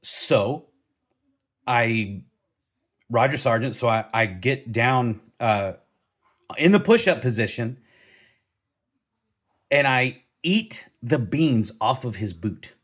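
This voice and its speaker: A middle-aged man telling a story from his army training in a casual vlog, animated, laughing now and then and often restarting his sentences. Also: mid-range voice, slow pace, pauses often.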